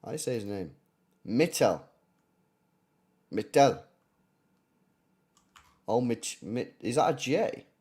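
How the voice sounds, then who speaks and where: Animated, foul-mouthed football streamer. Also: male voice, medium pitch, a little fast, husky. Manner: animated, blunt and profane, repeats himself. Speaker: football channel host. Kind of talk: casual livestream chat.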